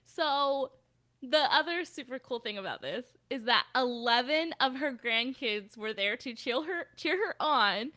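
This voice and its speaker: Bright, chatty woman podcast co-host. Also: high voice, a little slow. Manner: animated storyteller, reads headlines aloud. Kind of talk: casual chat.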